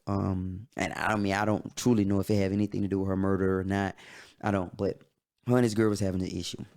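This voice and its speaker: A man hosting a podcast, telling a personal story in a candid, halting way. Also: lowish voice, vocal fry, a little mellow. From Atlanta, USA. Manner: candid, halting, emotional retelling. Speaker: podcast host.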